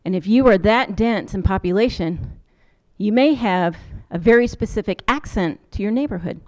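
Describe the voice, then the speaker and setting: An American woman in a conversational lecture, telling stories from her travels as a social worker. Her voice sits at an ordinary middle pitch, and she talks easily, slipping into lively voices to quote people. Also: moderate pace. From United States. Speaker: social work professor. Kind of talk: storytelling lecture.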